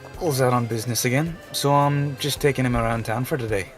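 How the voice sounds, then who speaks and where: A man's voice: mid-range voice, fast talker, close to an everyday voice. Man doing a breezy, blunt young woman for a game read-through, with faint music behind. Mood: casual. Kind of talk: voicing a visual novel character.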